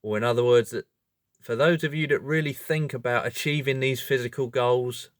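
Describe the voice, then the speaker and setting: A man hosting a video, explaining in a casual monologue, animated and self-correcting, often breaking into laughter. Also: mid-range voice, moderate pace, no echo, studio quality. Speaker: video host.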